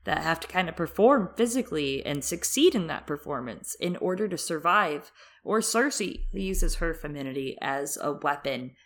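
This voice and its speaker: A woman's voice: sits low, animated, normal speed. A woman on a book podcast who summarizes passages and analyzes the characters. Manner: reads passages aloud, analytical. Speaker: podcast co-host. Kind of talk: casual book discussion.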